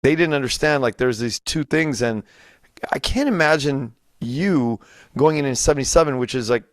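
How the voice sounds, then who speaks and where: A man hosting an interview, framing his questions in halting starts and restarts. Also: mid-range voice, no echo. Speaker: podcast host. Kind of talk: conversational interview.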